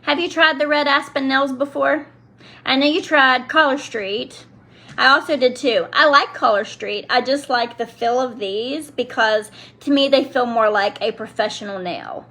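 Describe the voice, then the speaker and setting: On a live stream, a middle-aged woman selling nail products demos one for viewers, her voice high and sharp at a moderate pace. She chats casually, often cuts herself off mid-sentence, and talks to both the viewers and kids.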